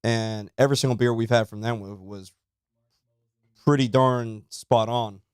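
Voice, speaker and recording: A man co-hosting a casual beer-tasting podcast, relaxed and chatty, with plenty of ums and uhs. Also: medium pitch, a little slow, smooth, no room sound, studio quality. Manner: relaxed, chatty, says um and uh often. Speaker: podcast co-host.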